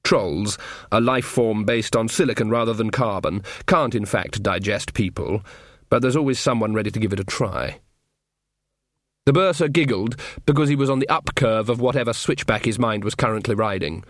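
A man's voice: on the low side, normal speed, no room sound. Man narrating in a dry comic tone. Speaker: audiobook narrator. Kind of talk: scripted narration.

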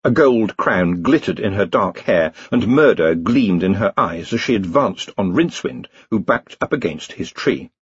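A man reading a novel aloud as an audiobook narrator, telling it in an expressive, dry comic way. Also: fairly low pitch, moderate pace, hardly any pauses, husky, no room sound, lo-fi sound. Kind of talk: scripted narration.

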